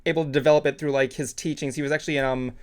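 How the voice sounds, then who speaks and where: A man co-hosting a casual talk show, asking a question slowly with many fillers. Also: on the high side, level tone. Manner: hesitant, many ums and likes. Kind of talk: casual chat.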